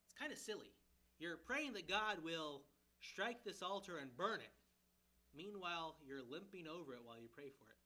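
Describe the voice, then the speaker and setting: Preaching as a pastoral candidate, a man gives an expository sermon in which he humorously retells a scripture story. His voice is on the high side and moderately paced, and he brings the characters to life with acted-out quotes.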